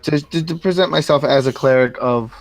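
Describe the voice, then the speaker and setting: A man with a mid-range voice plays a tabletop game in a casual chat. He often loses his words and restarts. He speaks in halting bursts. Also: mid-range voice, rough recording. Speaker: player.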